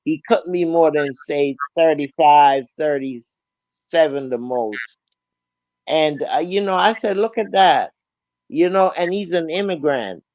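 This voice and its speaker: A woman's voice: low-pitched, measured pace, no echo, lo-fi sound. A woman calling in to a radio show, telling a rambling story with many "you know"s and "um"s. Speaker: caller.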